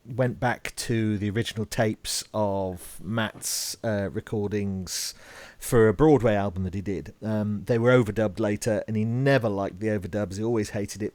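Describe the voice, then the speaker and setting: A man's voice: lowish voice, measured pace, darkish tone, no echo. A man hosting a podcast, talking casually and hesitantly, with many ums and uhs. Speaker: podcast host. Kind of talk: casual chat.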